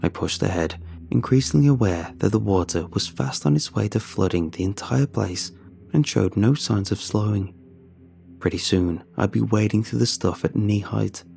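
A man telling a horror story in first person, in a measured and grim scripted narration. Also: on the low side, creaky, warm tone. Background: faint music.

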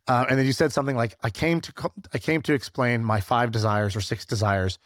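A man's voice: medium pitch, fairly even intonation, fairly quick, no echo, studio quality. A man hosting a casual podcast interview, asking loose, joking questions. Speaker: podcast host.

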